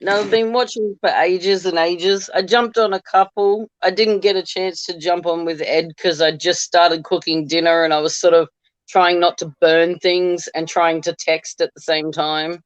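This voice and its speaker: A woman's voice: on the low side, fairly even intonation, normal speed, no room sound. Friendly Australian woman guest, dull dry video-call audio. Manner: friendly, laughs easily. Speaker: guest on a live stream. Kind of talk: casual chat over video call.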